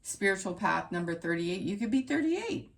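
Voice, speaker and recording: A woman's voice: mid-range voice, sing-song, normal speed, creaky, a little hiss or hum. A woman running a tarot reading channel, talking straight to her viewers in an emphatic, repetitive pep-talk style. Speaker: tarot reader.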